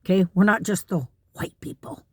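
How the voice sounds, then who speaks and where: A woman's voice: medium pitch, normal speed, darkish tone, dry recording, studio quality. A woman ranting to camera in an indignant, emphatic way, repeating words for stress. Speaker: vlogger. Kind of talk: direct-to-camera rant.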